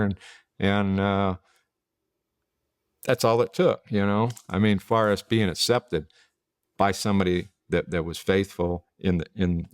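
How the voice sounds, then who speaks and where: A man with a fairly low voice recounts a personal story casually. He restarts his sentences often and gets lively when he quotes others. The recording is dry, with no room echo. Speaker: interviewee.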